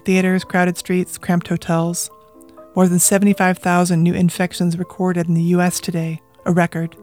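An adult from Colorado reading personal journal entries aloud in a quiet, measured way, at times dropping into a whisper. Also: mid-range voice. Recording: dry close mic with faint music.

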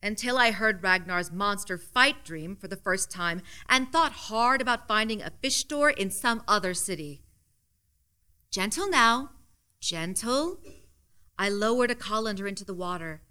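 A woman's voice: medium pitch, animated, a little slow, bright, forceful tone, smooth. A woman reading a first-person story aloud in a wry, dry, matter-of-fact way.

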